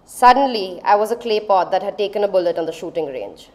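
A woman, telling a personal story on stage in a dramatic, measured way. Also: mid-range voice, animated, warm tone. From India. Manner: dramatic, measured, lingering on phrases. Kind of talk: live storytelling performance.

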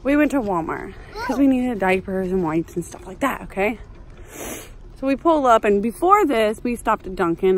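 A woman, telling a story in a chatty, animated vlog while walking outdoors. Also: medium pitch, slight background noise. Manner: chatty, animated, exclaiming, says "like" often. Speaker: mom vlogger.

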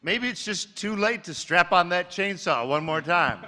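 A boisterous man with a high, very bright and forceful voice riffs on a convention panel. He teases the crowd in a crass, mock-insulting way. The sound carries the long echo of a big hall, with faint ambience behind it. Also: animated, unhurried. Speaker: panelist, film producer. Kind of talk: brash comic convention banter.

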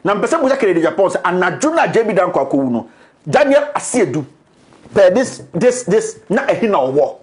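Defiant Ghanaian man, lively high voice. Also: brisk. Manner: defiant, repetitive, switching between English and Twi. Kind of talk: impassioned public statement.

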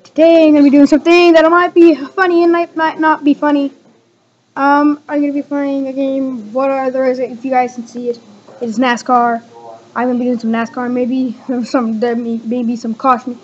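A woman giving casual gameplay commentary as a channel host, excitable, shouting and swearing at other drivers. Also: high voice, moderate pace, dull audio. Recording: light background noise.

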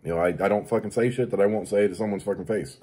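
Foul-mouthed man ranting, dark husky voice. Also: fast talker. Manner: crude, swearing constantly, mocking; rants about daily annoyances, mimics others in high voice. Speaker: show host. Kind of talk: profane comedic rant.

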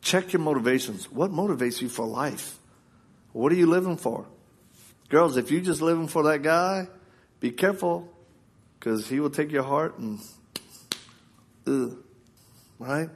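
With a fairly high, breathy voice, a preacher speaks a little slowly and leaves long pauses. During his live sermon he tells personal stories, laughing and acting out quotes, then presses the crowd directly.

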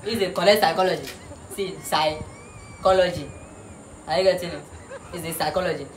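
A woman's voice: lowish voice, fairly even intonation, moderate pace. Teasing woman playing a mock teacher. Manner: mock-authoritative, teasing, repeats words with laughs. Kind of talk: comic classroom sketch. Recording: noisy background.

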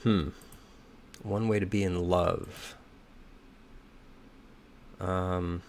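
A slightly hoarse man thinking aloud as he solves a crossword, reading clues and muttering and second-guessing his answers. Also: sits low, level tone, extremely slow, darkish tone, slight background noise. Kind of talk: thinking aloud while solving.

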